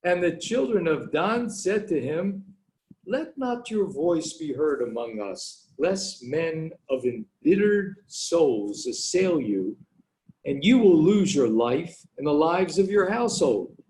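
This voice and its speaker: A man reading verses of scripture aloud for a class, measured and deliberate. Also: fairly high pitch, big pitch swings, darkish tone, rough recording.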